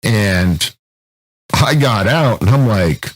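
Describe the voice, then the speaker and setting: A man in his thirties chats on a podcast with a husky, slightly rough voice. His pitch swings widely as he tells animated, profane stories. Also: slow pace, poor audio. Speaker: co-host. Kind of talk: casual podcast chat.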